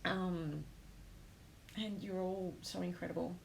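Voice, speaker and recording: A woman hosting a casual live stream, talking straight to her viewers and reading their comments. Her voice carries a gravelly edge, and she fills her pauses with ums. A faint hum sits in the background. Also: on the low side, steady tone, poor audio. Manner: emotional, many ums, talks to comments. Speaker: host of a planner live stream.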